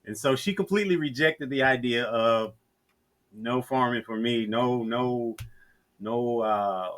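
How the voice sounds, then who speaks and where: Interview guest: middle-aged southern man, bright tone, laid-back storytelling pace. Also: mid-range voice. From Georgia, US. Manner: unhurried storyteller with frequent restarts. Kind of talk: casual interview chat.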